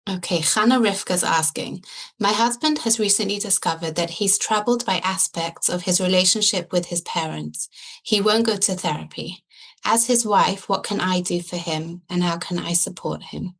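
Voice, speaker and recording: Co-host, woman, lowish gravelly voice, reads viewer questions briskly. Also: a bit bright. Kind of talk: reading a listener question aloud.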